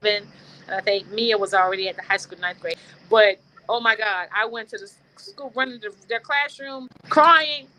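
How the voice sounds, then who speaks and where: A woman hosting a talk show, telling personal stories in an animated, preacher-like way. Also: medium pitch, moderate pace, low-quality recording. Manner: animated storytelling, preacher-like affirmations. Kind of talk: casual conversation.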